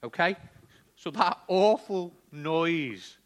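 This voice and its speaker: Conversational preacher. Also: male voice, on the high side, expressive, takes it slowly. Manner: conversational, frequent checking "okay?" with the congregation. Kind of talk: sermon.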